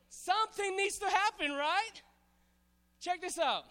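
Man, pastor from hawaii, sermon, playful, animated, crowd call-outs, bright tone, hall echo. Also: extremely high pitch, moderate pace. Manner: animated, playful, calls on the congregation. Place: church hall. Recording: hall reverb.

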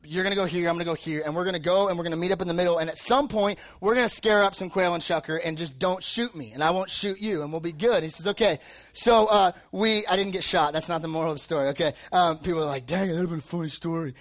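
A young male youth preacher with a notably high, slightly bright voice addresses a live audience at a quick pace. In a casual sermon, he tells a loose, joking personal story and leans heavily on filler words as he rambles toward his point.

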